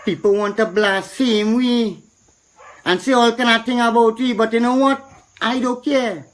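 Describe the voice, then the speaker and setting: A man's voice: very high-pitched, fairly even intonation, a little slow. A middle-aged man with a Trinidadian accent, complaining with indignation and repeating himself, rising to a preacherly tone. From Trinidad and Tobago. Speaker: citizen speaking out. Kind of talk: impassioned street complaint.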